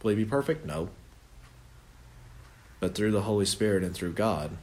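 A man's voice: fairly low pitch, lively intonation, normal speed, darkish tone. A young man leading an informal Bible study in a conversational, earnest way, often correcting himself mid-sentence.

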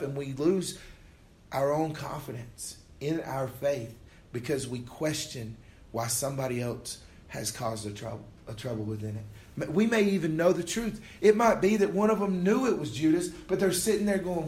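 A male pastor preaching a sermon in a conversational way, acting out people's inner thoughts in quick quoted asides. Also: fairly high pitch, darkish tone.

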